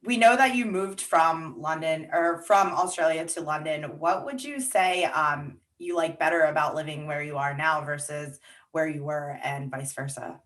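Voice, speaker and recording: A woman's voice: low-pitched, normal speed, a bit bright. A woman co-hosting a podcast, laughing often and asking casual questions with fillers. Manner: giggly, asks questions with fillers. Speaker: podcast co-host. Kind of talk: casual interview chat.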